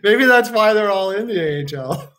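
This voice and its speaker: A man's voice: high voice, animated, moderate pace, fairly bright tone, rough recording. A man chatting casually as he watches a hockey game on a live stream, joking, swearing and laughing often.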